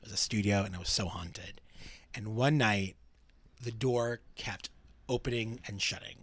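This man co-hosts a podcast and swaps ghost stories in loose conversation, often restarting and using fillers. He speaks at normal speed in a lowish, slightly bright voice.

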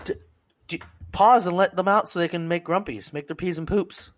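A man's voice: high-pitched, normal speed. Foul-mouthed man telling a story. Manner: profane, animated storytelling, acting out quoted people. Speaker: podcast co-host, service member. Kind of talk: casual podcast chat.

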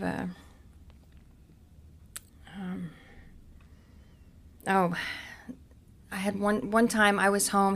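A woman from Cincinnati, a podcast guest, frankly and haltingly recounting her own past with many restarts. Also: medium pitch, vocal fry, slight background noise. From Cincinnati, United States. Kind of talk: candid personal storytelling.

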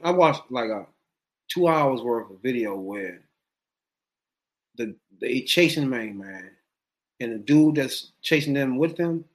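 A man telling a story in casual, profane, slangy chat and acting out what people said. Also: mid-range voice. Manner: animated, profane, slangy, acts out quotes.

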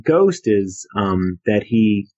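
A man's voice: fairly low pitch, sing-song, takes it slowly, a little mellow, husky. A man, an author, telling a long story about his book in a casual, rambling way with many fillers. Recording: dull lo-fi sound.

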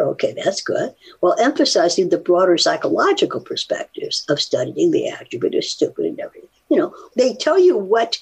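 An older woman, a psychologist, chatting casually and reading a study aloud with animated asides. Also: on the low side, vocal fry, breathy edge. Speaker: psychologist guest.

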